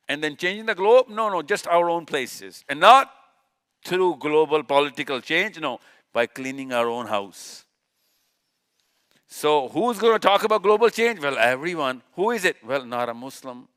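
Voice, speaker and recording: A man's voice: on the high side, a bit bright, clean tone. Emphatic man lecturing a live audience. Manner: rhetorical questions, answered himself; emphatic, repeats key words. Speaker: speaker. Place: event hall.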